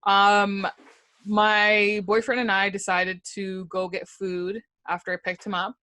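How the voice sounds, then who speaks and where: A woman's voice: mid-range voice, measured pace, dry recording. Young woman podcast cohost, mad and cussing a lot, dry close sound. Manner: heated, swears freely, animated storytelling. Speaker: podcast co-host. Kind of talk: casual chat.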